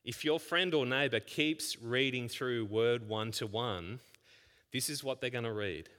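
A pastor delivers a sermon in a mid-range, unhurried voice, shifting between hushed scripture reading and loud emphasis while firing off rhetorical questions. Long hall reverb surrounds the recording.

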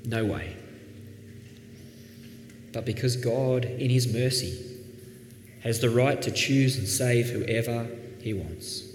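A man preaching a sermon as pastor, earnest, dropping soft and then rising with emphasis. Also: medium pitch, takes it slowly, pauses often. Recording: echoey hall, faint background noise.

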